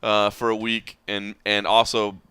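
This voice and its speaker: A man with a lowish, crisp, bright voice hosts a casual podcast, talking loosely and laughing often. The recording is dry and close. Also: monotone, measured pace, dry recording. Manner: chatty, laughing, digressive. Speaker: podcast host.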